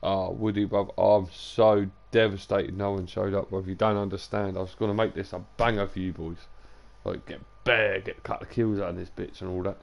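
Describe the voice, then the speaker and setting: Gravelly young man streaming, tired. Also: sits low, flat delivery, a little fast, few pauses. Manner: loose, sweary banter to chat, drifting into sing-song and whispers. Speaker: game streamer. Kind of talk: live gameplay stream chatter.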